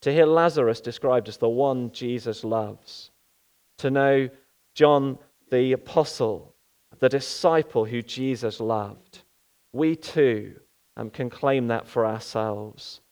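A man's voice: medium pitch, slow, darkish tone. A male pastor giving an earnest sermon, often asking rhetorical questions.

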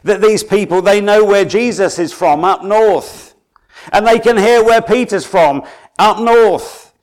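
Preacher guy from suffolk, tells the story all dramatic, goes quiet then builds up, voice on the higher side. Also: measured pace. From Suffolk, England. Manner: dramatic storytelling, drops to a hush then rises for emphasis. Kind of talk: sermon.

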